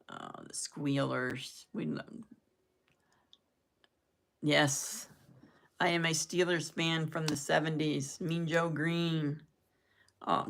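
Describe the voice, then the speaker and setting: Older woman, low pitch, rambling casual live-chat host who laughs at her own jokes. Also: fairly bright tone. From southern United States. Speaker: live-stream host chatting with viewers.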